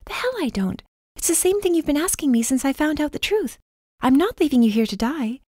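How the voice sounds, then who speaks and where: A woman voicing a protective young woman in an audiobook, soft and tender at times, defiant and tearful at others. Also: on the high side, sing-song, fairly quick, husky, no room sound, clean studio sound, pitched above the performer's own voice. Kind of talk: audiobook character voice.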